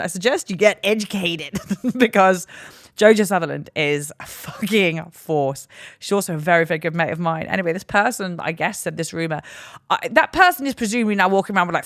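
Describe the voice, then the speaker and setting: A British woman in her thirties talks through a personal story on her solo podcast. Her voice sits on the low side. The sound is dry, with no room around it. She swears freely and acts out what people said to her. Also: no echo. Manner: swearing freely, animated storytelling with acted-out quotes. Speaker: podcast host. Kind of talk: candid solo podcast monologue.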